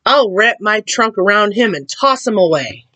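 A woman's voice: mid-range voice, lively intonation, moderate pace, sharp tone, no echo, voice pushed up. A woman voicing a large, confident male elephant in a storybook. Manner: confident, later panicked.

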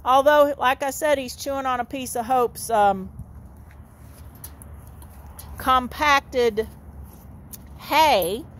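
High-voiced, slow woman preaching. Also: fairly bright tone. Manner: folksy, repetitive, keeps calling the listeners "saints". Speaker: street minister. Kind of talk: informal outdoor sermon. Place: outdoors in a dry horse lot.

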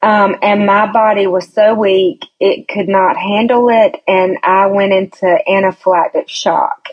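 A woman's voice: medium pitch, fairly even intonation, unhurried, breathy edge. A woman telling a personal story as a podcast guest, chatty and hesitant, with many restarts. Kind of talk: casual storytelling chat. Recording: dull lo-fi recording.

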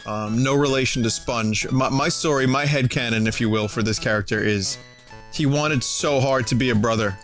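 A man streaming old computer games with casual, sarcastic, profane commentary, sounding a little sick and hoarse. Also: mid-range voice, normal speed, fairly bright tone. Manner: sarcastic, profane, laughing often. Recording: music playing behind voice.

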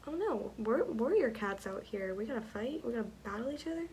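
Excitable young woman gamer, highish voice. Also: fast, few pauses. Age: 20s. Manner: excitable, gasping and swearing. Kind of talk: let's play commentary. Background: game music.

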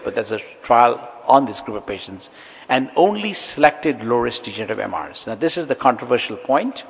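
A man giving a medical conference lecture, walking through slides in a measured way. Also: medium pitch, creaky, a bit bright, breathy edge. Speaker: conference speaker. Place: conference hall. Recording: hall reverb.

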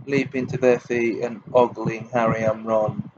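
A man narrating a fantasy audiobook in a steady reading voice. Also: mid-range voice, a little slow, muffled recording, noisy background. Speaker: amateur audiobook reader.

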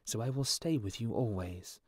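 A man voicing a gentle devoted little swallow. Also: on the low side, normal speed, slightly rough, no echo, clean studio sound. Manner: tender, fading to a whisper near the end. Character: small loyal male swallow, gentle and devoted.

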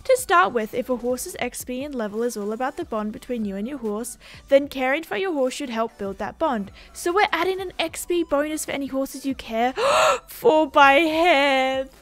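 A young woman with an Australian accent reads a game blog aloud and keeps breaking off into chatty asides. Her voice sits high for a woman, and her delivery stays bubbly and eager. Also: lively intonation, brisk, soft background music. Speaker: gaming video creator. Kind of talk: casual game blog read-along.

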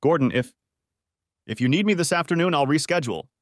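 A man's voice: a little high, expressive, fairly quick, no echo, clean studio sound, pitched above the performer's own voice, lightly acted. A man doing a loyal, dryly teasing doctor friend. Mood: supportive.

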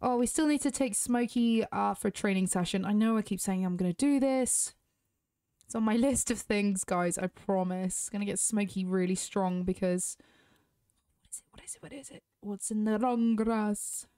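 British woman gamer, casual chatty commentary, close dry sound, mid-pitched. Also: moderate pace, dark tone, smooth, dry recording. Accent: British English. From Britain. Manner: chatty, talks straight to viewers. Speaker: gaming YouTuber.

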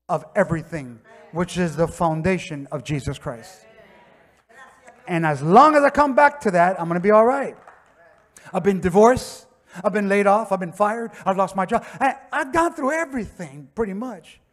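A pastor with a Miami accent preaching a sermon, telling stories conversationally and rising to impassioned shouts. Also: male voice, sits high, expressive, moderate pace. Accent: Miami English. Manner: conversational storytelling with acted quotes. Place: church sanctuary.

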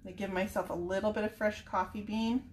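A woman's voice: mid-range voice, fairly even intonation, a little fast, slight background noise. Chatty woman painting furniture on camera. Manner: chatty, thinks aloud while working. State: tearful at times. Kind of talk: casual live painting demo.

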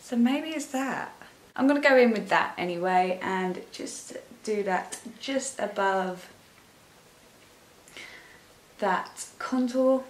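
A woman's voice: mid-range voice, slow pace. A young woman doing a casual makeup tutorial, chatting in a rambling way and gushing over the products. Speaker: beauty vlogger. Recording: echoey room.

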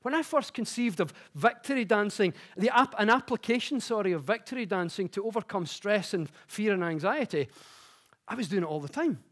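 A man giving a conference talk, mixing explanation with chatty, self-mocking personal stories that grow animated. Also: high voice, fairly quick. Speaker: conference speaker. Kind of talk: public talk with personal anecdotes. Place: conference stage before an audience.

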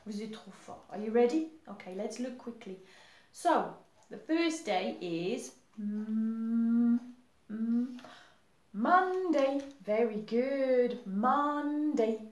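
Slow, cheerful English teacher woman. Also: on the high side, lively intonation, dark tone, echoey room. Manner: slow, cheerful teacher talk, switching to song and whispers. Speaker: English teacher for young children. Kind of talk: children's English lesson with songs.

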